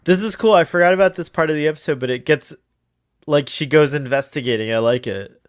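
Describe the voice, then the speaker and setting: Man, co-host, casual commentary, excitable, laughs a lot, teasing, dry close mic. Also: a little high, quick pace, no echo. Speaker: co-host of a watch-along commentary.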